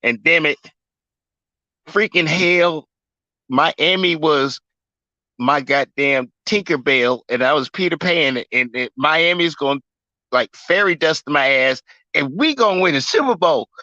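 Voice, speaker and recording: A man's voice: on the high side, expressive, measured pace, sharp tone, no echo, highs cut off. A man in his forties ranting in casual chat on a sports livestream, fuming, swearing and emphatic. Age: 40s.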